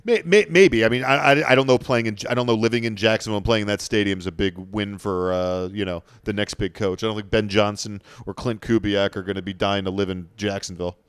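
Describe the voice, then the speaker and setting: A man's voice: lowish voice, steady tone, fast talker, few pauses, clean tone, no echo. A man co-hosting a podcast, chatting casually about sports with frequent hesitant restarts. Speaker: podcast co-host.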